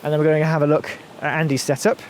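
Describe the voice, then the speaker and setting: A man's voice: fairly high pitch, little pitch movement, racing. Chatty man hiking on a windy hill. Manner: chatty, jokey, thinks aloud while walking. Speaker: hiking vlogger. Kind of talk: casual outdoor vlog chat. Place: windy hillside outdoors.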